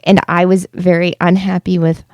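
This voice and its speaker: A woman co-hosting a podcast in casual chat with her partner, agreeable and relaxed. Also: on the low side, moderate pace, no room sound. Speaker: podcast co-host.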